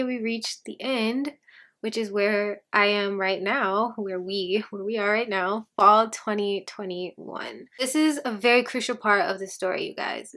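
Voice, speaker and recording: Animated young woman telling her story. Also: medium pitch. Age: young adult. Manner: animated storytelling, acts out quoted dialogue; laughs often between phrases. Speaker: vlogger. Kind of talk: personal testimony to camera.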